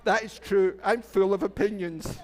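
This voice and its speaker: Scottish minister with a high voice. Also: male voice, steady tone, moderate pace, a faint crowd. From Scotland. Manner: chatty, playful, asks the children questions. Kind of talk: children's story time. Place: church sanctuary.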